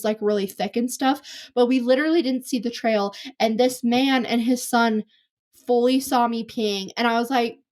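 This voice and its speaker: A woman's voice: on the high side, darkish tone. A young woman hosting a podcast, telling a long embarrassing story in a rambling, self-deprecating way full of fillers. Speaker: podcast host. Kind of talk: casual storytelling monologue.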